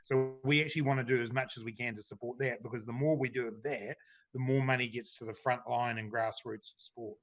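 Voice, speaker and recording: A middle-aged man fields questions from a panel as a government minister, answering in a relaxed, chatty manner full of fillers. His voice is medium-pitched and his pace fairly quick.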